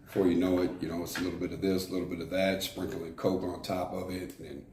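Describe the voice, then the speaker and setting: A former prison shot caller from Arizona tells his life story frankly in an interview, his low voice level, fast and a little mellow. He rambles with fillers and restarts, in an echoey room with faint background noise.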